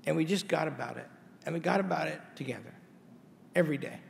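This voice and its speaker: A man's voice: fairly high pitch, fast, creaky, a little hiss or hum. A man, a college president, giving an anniversary speech to an audience in a large hall, telling folksy stories with wry asides. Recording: hall reverb with faint ambience.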